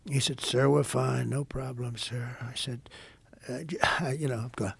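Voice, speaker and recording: An older man from the United States, a podcast guest, telling a rambling, repetitive story and acting out quoted dialogue in a hushed voice. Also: medium pitch, fairly even intonation, moderate pace, vocal fry, breathy edge, no room sound. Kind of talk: casual storytelling in an interview.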